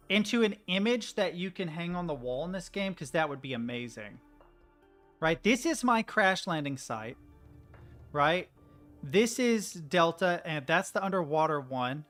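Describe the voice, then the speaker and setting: American male streamer, young, casual gameplay chatter, slightly higher voice, faint music under. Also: expressive, unhurried, fairly bright tone. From United States. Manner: chatty, rambling, talks to chat. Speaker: streamer playing a game.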